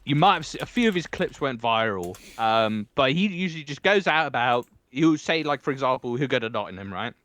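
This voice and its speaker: A man's voice: mid-range voice, animated, fairly quick, hardly any pauses, fairly bright tone. A man from England co-hosting a podcast, telling stories in casual chat with lots of swearing and acted-out quotes. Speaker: podcast co-host.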